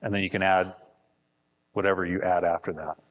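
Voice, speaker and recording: A man with a lowish voice teaches a marriage seminar. He speaks plainly and hesitantly, often restarting and repeating his words. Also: steady tone, brisk, phone-quality sound.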